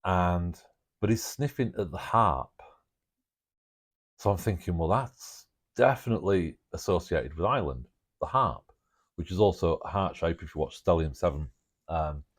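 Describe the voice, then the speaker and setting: A man's voice: deep voice, unhurried, long pauses. A man talking through his speculative ideas in a rambling monologue, thinking aloud with jokey asides and chuckles. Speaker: alternative history presenter.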